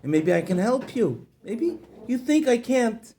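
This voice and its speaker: A man, a rabbi, telling a story with moral lessons in an expressive way, speaking directly to listeners. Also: extremely high pitch, measured pace, slight background noise.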